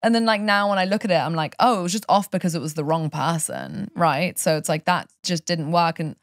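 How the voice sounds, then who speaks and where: A woman's voice: on the low side, fairly quick, dry recording, clean studio sound. A woman from Europe, a life coach chatting on a podcast and telling stories with passion. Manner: passionate, animated storytelling. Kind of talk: casual podcast chat.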